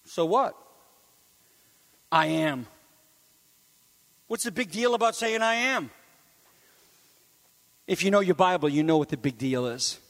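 A man preaching a sermon to his congregation, animated and building to shouts on key phrases, with chatty asides to the listeners. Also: high-pitched, a little slow, gravelly, long pauses, big-room sound. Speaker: pastor.

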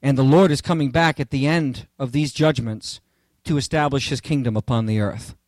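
A man preaching an expository sermon, animated and theatrical, joking with the congregation as he works through the verses. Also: medium pitch, moderate pace, dry recording.

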